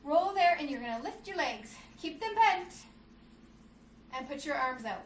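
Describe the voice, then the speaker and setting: Woman children's yoga teacher, high voice, storybook reading, encouraging, echoey room from a distance. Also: animated, normal speed, slight background noise. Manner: encouraging, addresses kids as friends, acts out the story's shouts. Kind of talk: reading a storybook aloud while leading kids' yoga.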